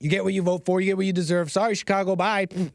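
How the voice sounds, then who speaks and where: A man's voice: high voice, flat delivery, very fast, no echo, clean studio sound. A man hosting a casual commentary stream, rambling with frequent restarts and laughing at his own asides. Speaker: host.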